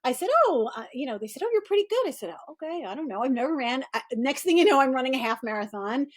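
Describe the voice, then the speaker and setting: A middle-aged woman with a fairly high voice tells stories as a guest in a casual interview. She is animated and acts out what other people said in a higher, bouncing voice. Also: fast. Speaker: guest, performance coach.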